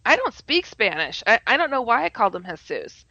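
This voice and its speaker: Woman, bright tense voice, animated storyteller, laughs a lot, dry slightly muffled audio. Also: fairly high pitch, brisk, no room sound. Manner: animated, laughs often, acts out her own quoted words. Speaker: co-host telling a personal story. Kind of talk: casual spoken storytelling.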